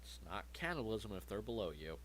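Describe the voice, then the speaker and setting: A man's voice: lowish voice, sing-song, fairly quick, a bit bright. A man running a tabletop game as game master, joking and swearing freely.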